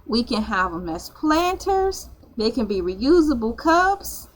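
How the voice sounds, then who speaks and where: A woman's voice: a little high, very animated, slow pace, faint music behind. A woman hosting her vlog, rambling and joking in a playful casual monologue. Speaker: vlog host.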